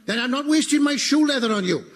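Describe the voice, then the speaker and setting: A man's voice: very high-pitched, lively intonation, fast talker, fairly bright tone. An actor playing a cheeky, grumbling odd-job man with a Welsh accent in a radio comedy.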